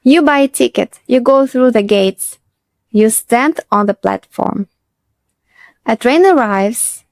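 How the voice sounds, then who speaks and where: A woman, a teacher narrating a slow scripted lesson and repeating phrases for learners. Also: a little high, vocal fry, darkish tone, dry recording. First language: Russian. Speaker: Russian teacher.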